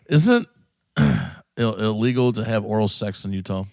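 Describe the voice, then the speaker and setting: A man co-hosting a casual podcast, joking and excitable, often calling the others dude or man. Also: fairly low pitch, a little slow, creaky, no room sound, clean studio sound, soft background music. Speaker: podcast co-host. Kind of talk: casual chat. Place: small recording studio.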